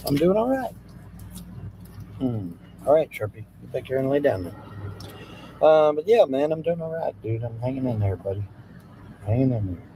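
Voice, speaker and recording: A man with a Southwest Ohio accent chats loosely to his livestream audience, greeting viewers and circling back over the same points. His voice is very dark and mellow but swings widely in pitch. Faint idling engines hum behind him outdoors. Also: poor audio. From Hamilton, Ohio, USA. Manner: drawling, rambling, greets chat, repeats himself. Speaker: livestream host. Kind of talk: casual livestream chat. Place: outdoors beside idling trucks.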